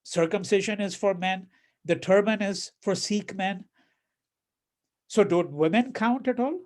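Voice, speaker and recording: A man's voice: high-pitched, unhurried. A man lecturing a class in a conversational way, often asking "right?" and acting out quoted lines in a mocking tone. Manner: conversational, checks in with "right?", repeats words; reads quoted verses in a mocking voice. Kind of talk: university lecture.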